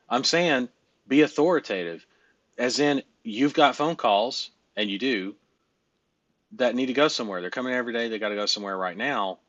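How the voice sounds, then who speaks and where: Male business coach, low voice, blunt and joking, dry close recording. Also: fairly bright tone, no echo, lo-fi sound. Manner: blunt, joking, swears casually. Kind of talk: casual coaching call.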